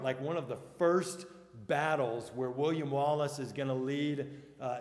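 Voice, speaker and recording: A man delivering a sermon in a slightly high voice, taking his time over every phrase. He swings from quiet, low asides to loud, ringing shouts for emphasis. The sound is roomy, with a long reverb trailing each line. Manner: dramatic shifts from hushed to shouted for emphasis. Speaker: pastor. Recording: echoey hall with long reverb.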